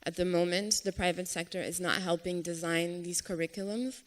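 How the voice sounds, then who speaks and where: Woman on a panel, lowish voice, matter of fact, long echo in a big hall. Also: steady tone, normal speed. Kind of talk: panel discussion answer.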